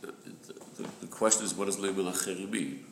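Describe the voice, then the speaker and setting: A man with a low, gravelly voice leads a group study of a religious text. He explains patiently and repeats his key point, now and then clearing his throat. The recording sounds echoey, with faint background noise. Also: steady tone, fairly quick. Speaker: Torah study group leader.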